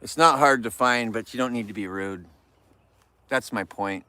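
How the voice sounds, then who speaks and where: A man's voice: medium pitch, moderate pace, bright, forceful tone, smooth, dry recording. A man live-streaming outdoors near bears, ranting about rude viewers and scolding the animals in a rambling chat.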